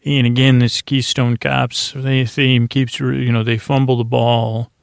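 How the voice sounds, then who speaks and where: A man's voice: medium pitch, flat delivery, unhurried, creaky, no echo, studio quality. A man hosting a podcast, rambling through a casual recap of a TV episode with lots of filler words. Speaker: podcast host.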